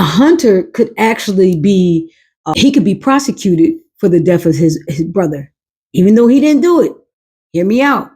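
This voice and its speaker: A woman's voice: medium pitch, mellow, husky. A woman hosting a podcast, giving blunt, emphatic commentary in a casual way. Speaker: podcast host.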